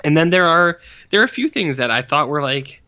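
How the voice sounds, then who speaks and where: A man's voice: fairly high pitch, lively intonation, fairly quick, pushed and bright, smooth, dull audio. A man in his forties co-hosting a podcast, chatting casually about an old film with rambling, profane asides and lots of fillers. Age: 40s. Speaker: podcast co-host. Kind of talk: casual film review chat.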